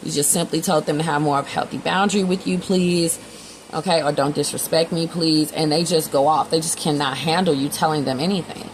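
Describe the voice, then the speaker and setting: A woman's voice: deep voice, steady tone, brisk, a little hiss or hum, poor audio. A woman giving a casual tarot reading, talking bluntly with slang and swearing. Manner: blunt, slangy, swears freely, acts out both sides in quotes. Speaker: tarot reader.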